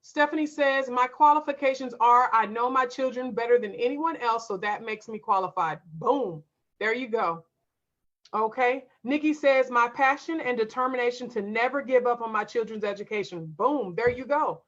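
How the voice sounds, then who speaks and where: A woman's voice: on the high side, moderate pace, fairly bright tone, dull audio. A woman coach hosting a live stream, emphatic and direct, calling her viewers y'all and reading out their comments.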